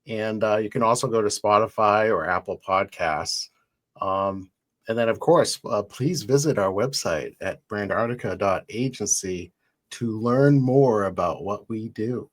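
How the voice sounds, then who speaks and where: A man co-hosting a live show, agreeable and quick to laugh. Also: on the low side. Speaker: co-host.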